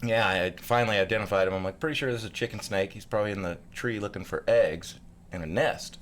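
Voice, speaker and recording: A man's voice: quick pace, a little hiss or hum. A man in his thirties telling a story in casual podcast chat, acting out other voices along the way. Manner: animated storyteller, acts out voices with big pitch jumps. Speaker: podcast co-host.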